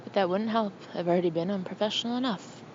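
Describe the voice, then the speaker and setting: A woman narrating an audiobook in the first person, with an expressive, intimate, anxious delivery. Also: mid-range voice, fast, highs cut off, a little hiss or hum.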